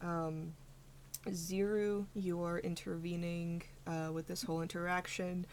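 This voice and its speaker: A woman's voice: fairly low pitch, little pitch movement, unhurried, a little mellow, a little hiss or hum. A young woman narrating a tabletop game as game master, rambling with lots of fillers.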